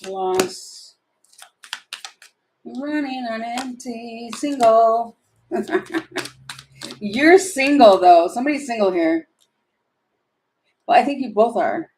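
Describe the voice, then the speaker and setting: Lady reading tarot cards live, kinda high voice, rambles a lot with fillers, very opinionated. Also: slow, long pauses, a little mellow, a little hiss or hum. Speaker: tarot reader.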